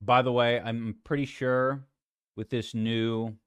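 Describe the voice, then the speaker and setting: A man ranting casually on a livestream, animated and mocking, swearing freely. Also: medium pitch, takes it slowly, smooth, no echo. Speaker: streamer.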